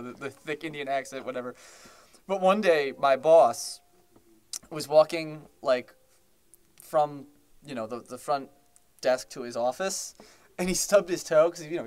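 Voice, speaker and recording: A young man co-hosting a podcast, chatting casually, rambling with many fillers and restarts and laughing often. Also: on the high side. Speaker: podcast co-host. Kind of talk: casual chat.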